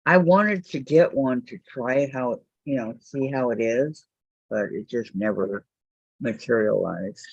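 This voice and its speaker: A woman's voice: extremely low pitch, a little slow, slightly rough, dry recording. A woman quilter on a video call, chatty, reading messages from the chat aloud. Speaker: quilter in an online group chat. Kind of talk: casual chat. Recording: muffled video-call audio.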